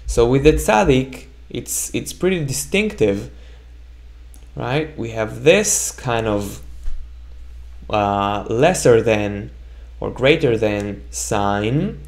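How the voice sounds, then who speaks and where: Male language teacher, unhurried delivery, expressive rise and fall, repeats sounds for learners to echo. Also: mid-range voice, gravelly. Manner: repeats sounds slowly for the learner to echo, often checks with "right?". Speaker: Hebrew teacher. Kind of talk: slow, patient language lesson.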